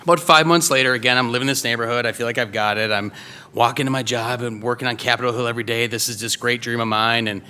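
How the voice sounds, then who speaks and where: A man's voice: mid-range voice, steady tone, fast, bright, forceful tone, smooth. A man in his thirties from Wisconsin telling a true story at a live story slam, casual and loose, with lots of fillers and restarts. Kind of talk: live first-person storytelling. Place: live stage before an audience.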